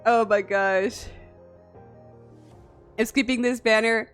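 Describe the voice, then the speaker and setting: Young woman streamer chatting slow and giggly, faint music behind. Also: a little high, smooth. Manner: giggly, excitable, lots of laughing and whining. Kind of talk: casual live-stream chat. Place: home room.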